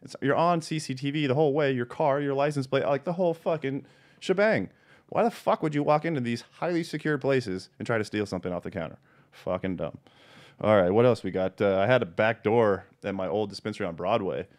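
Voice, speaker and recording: A man hosting a casual podcast, telling stories about his cannabis dispensary in a profane, animated way. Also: mid-range voice, a little fast. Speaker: podcast host and dispensary owner.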